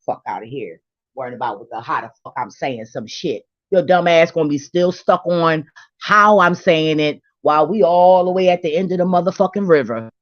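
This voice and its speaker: A woman's voice: sits low, moderate pace, no room sound, highs cut off. A woman delivering a blunt, profane, preachy rant on faith, confrontational and unfiltered, to her own channel. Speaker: vlogger. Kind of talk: ranting spiritual monologue.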